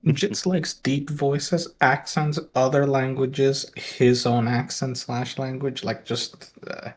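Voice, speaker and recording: A man with an ordinary mid-pitched voice jokes around on a gaming stream. He keeps pushing his friends to do silly things and teases them. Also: steady tone, slow pace. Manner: teasing, egging others on. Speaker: stream guest. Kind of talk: casual gaming stream chat.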